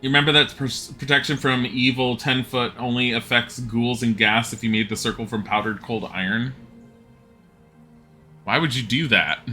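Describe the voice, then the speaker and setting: A man's voice: medium pitch, little pitch movement, fairly quick, few pauses, sharp tone, soft background music. A man streaming a game, chatting casually and muttering commands, and he laughs often. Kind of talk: casual live commentary while gaming.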